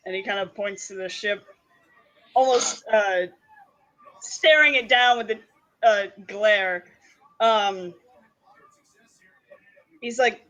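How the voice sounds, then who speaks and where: A man narrating a tabletop game as game master, unhurried with many fillers. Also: high voice, sharp tone, low-quality recording.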